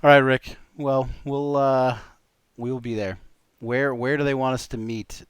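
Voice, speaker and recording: A man with a smooth, resonant voice plays a tabletop game, talking casually, hesitating and pausing as he works things out. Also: mid-range voice, steady tone, dry recording. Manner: casual, hesitant, laughs often. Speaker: player. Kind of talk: tabletop role-play chat.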